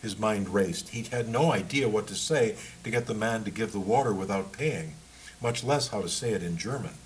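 A man, the author, reading aloud from his book in a measured, steady way. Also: on the low side, slight background noise, low-quality recording.

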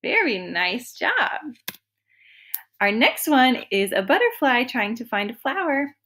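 A woman music teacher giving a slow, encouraging online lesson to young children. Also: on the high side, big pitch swings, a bit bright. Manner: slow, encouraging, sings vocal slides on ooh.

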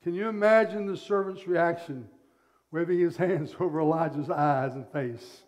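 A male pastor preaching a sermon, telling the story in an animated way and acting out the scenes. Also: on the high side, normal speed.

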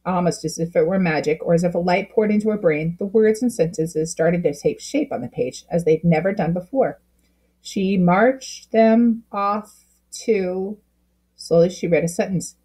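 A woman reading a children's book aloud with expressive storytelling, slowing down at key moments. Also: fairly low pitch, husky. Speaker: storybook reader.

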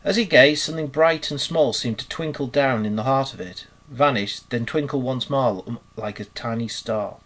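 A male teacher reads a children's classic aloud at a measured, expressive storytelling pace. His voice sits at an ordinary middle pitch for a man. The is clear and even throughout. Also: poor audio. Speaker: primary school teacher. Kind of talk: reading a children's book aloud.

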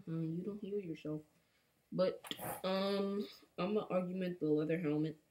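A woman's voice: on the low side, steady tone, unhurried, dark tone. A woman giving casual, rambling commentary while playing a game, humming and mumbling to herself and repeating words. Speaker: gaming channel host.

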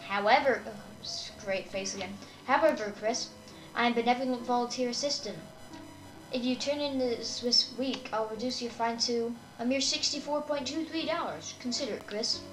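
A woman's voice: a little high, normal speed, far from the mic, close to an everyday voice. A woman reading the lines of a fussy, pompous volunteer library assistant from a game. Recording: echoey room with game music.

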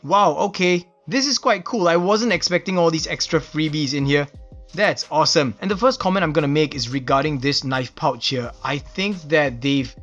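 A man's voice: on the high side, normal speed, a bit bright, faint music behind. A man from Singapore with a Singaporean English accent, casually narrating an unboxing and reviewing details with enthusiastic, admiring exclamations. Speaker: knife reviewer.

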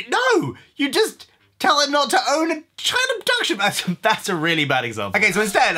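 A young man with an English accent rants playfully to the camera, coining silly words as he goes. His voice sits high and sounds bright and sharp. Faint music plays underneath. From England. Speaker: YouTube vlogger. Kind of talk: comedic talking-to-camera vlog.

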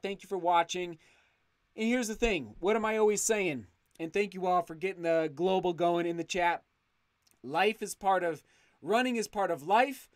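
A man's voice: high voice, no echo. A man in his thirties hosting a running live stream from his home studio, reading viewer messages with eager gratitude and frequent restarts. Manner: enthusiastic, grateful, often restarts words. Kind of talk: live stream chat, reading super chats.

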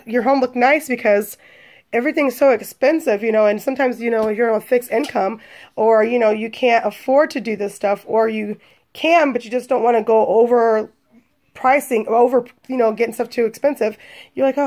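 Chatty young woman with gravelly tone. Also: on the high side. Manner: chatty, excited about bargains, talks straight to viewers. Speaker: vlogger. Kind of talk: casual shopping haul video.

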